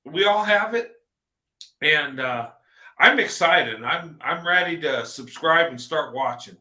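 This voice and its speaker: A man hosting a casual livestream chat, halting and repeating words while he encourages a friend. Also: on the high side, lively intonation, pushed and bright, echoey room. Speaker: host.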